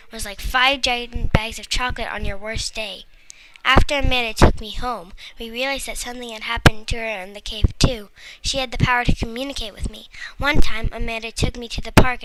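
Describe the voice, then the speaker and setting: A woman reading a first-person children's story aloud in a lively, playful way. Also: on the high side, very noisy. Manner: lively, playful storybook narration with comic similes.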